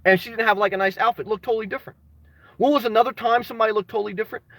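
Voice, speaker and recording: A man chatting casually on a livestream, greeting viewers by name and rambling through anecdotes with sudden animated shouts. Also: high-pitched, racing, no echo. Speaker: vlogger reading live chat.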